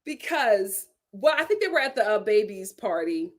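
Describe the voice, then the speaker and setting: A woman giving sassy, animated commentary on a reality show, laughing at her own jokes. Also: mid-range voice, moderate pace. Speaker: reality TV reviewer. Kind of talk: casual commentary.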